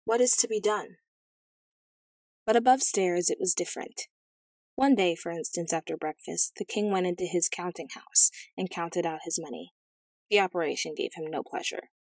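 Woman reading a fairy tale, lowish voice, dead dry close sound. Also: no room sound. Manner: measured, gently expressive storytelling. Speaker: audiobook narrator. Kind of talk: scripted narration of a fairy tale.

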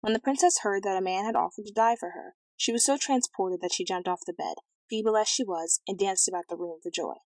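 A woman narrating a fairy tale as an audiobook reading, in a clear, even storytelling manner. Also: medium pitch, brisk, few pauses, no echo, low-quality recording.

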